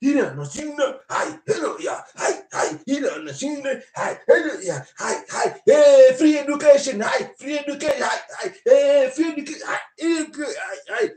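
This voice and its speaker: A man imitating a crowd of rowdy male protesters on strike, chanting and shouting in a high voice. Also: animated, normal speed, hardly any pauses, distant mic. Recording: roomy echo.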